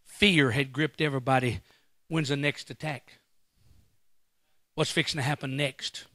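A man preaching a sermon as a guest pastor in a church, swinging into loud bursts and acting out quotes. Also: mid-range voice, steady tone, unhurried, no room sound, clean studio sound.

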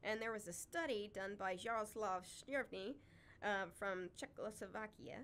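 A woman's voice: medium pitch, moderate pace, a bit bright, slight background noise. A woman co-hosting a casual chat, talking with chatty enthusiasm and frequent laughs. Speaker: podcast co-host, wildlife sanctuary keeper.

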